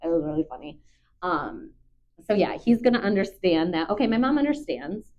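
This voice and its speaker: A woman dog trainer calmly talking through a training session, chatty and patient with frequent ums. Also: lowish voice, normal speed, a little hiss or hum. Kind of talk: live dog training commentary. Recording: dull lo-fi recording.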